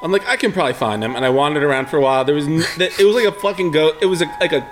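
A young man co-hosting a casual podcast, telling a story with lively quoted voices. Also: on the high side, very fast, soft background music. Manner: animated storytelling, acts out quoted talk. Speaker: podcast co-host. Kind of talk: casual chat.

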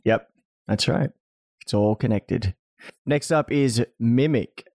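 A man's voice: medium pitch, takes it slowly, gravelly, a little mellow, no echo, studio quality. A man co-hosting a podcast, running through a film list in a jokey, laid-back way. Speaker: podcast co-host. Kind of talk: casual film chat.

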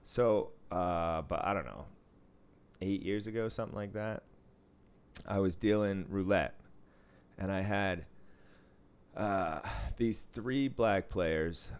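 A man's voice: deep voice, takes it slowly, pauses often, smooth. A man in his thirties telling a story in casual chat, blunt and profane.

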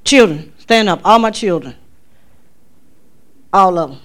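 A woman tells a testimony to a church congregation. She storytells with lively energy, and her pitch shoots up when she acts out her own cries. Her delivery is loose and conversational. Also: unhurried. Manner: animated storytelling, voice climbing high for quoted exclamations. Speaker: speaker giving a testimony at church. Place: church sanctuary.

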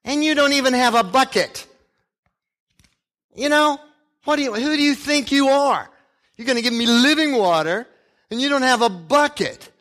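A man voicing a sharp-tongued Samaritan woman at a well who mocks and questions a stranger in disbelief. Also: very high-pitched, animated, normal speed, pauses often, voice pushed up. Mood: scornful. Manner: mocking, incredulous questioning.

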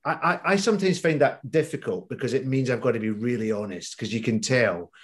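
A man with a Scottish accent, an actor talking about casting and his craft in a casual interview, reflective and quick to laugh. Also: medium pitch. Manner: reflective, laughs while telling stories. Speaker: actor guest.

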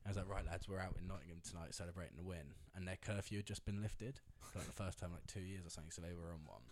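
A man's voice: low-pitched, fairly even intonation, very fast. A man telling a long rambling anecdote in casual chat, with lots of fillers and laughter. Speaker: storyteller guest.

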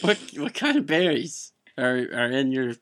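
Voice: mid-range voice, very animated, measured pace, fairly bright tone. A performer voicing an awkward talk show host who stammers and hesitates.

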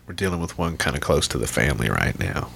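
A man with a very low, gravelly voice hosts a podcast. He rambles in a loose, laid-back way and swears freely. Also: sing-song, fast, a bit bright. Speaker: podcast host. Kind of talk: casual podcast chat.

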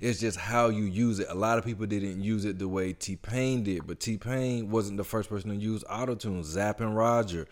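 A man with a fairly low voice talks through his views in a casual podcast chat. He sounds relaxed and thoughtful, and he takes his time with each point. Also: normal speed, hardly any pauses. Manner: relaxed, thoughtful, explains at length.

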